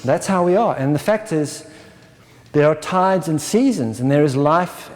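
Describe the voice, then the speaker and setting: A man with a somewhat raised pitch leads a spiritual workshop talk, keeps asking his listeners "right?" and slips into brief acted-out inner voices. The recording carries the long, lingering reverb of a large lecture hall. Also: expressive, unhurried. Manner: checks in with listeners with a constant "right?"; acts out inner voices in short dramatized asides. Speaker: workshop presenter.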